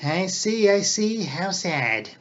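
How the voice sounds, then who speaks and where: A man voicing a greedy, fawning old male record-keeper who talks in a slow, scheming way. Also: high-pitched, big pitch swings, pitched above the performer's own voice, full character voice. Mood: cautious. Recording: dull lo-fi recording.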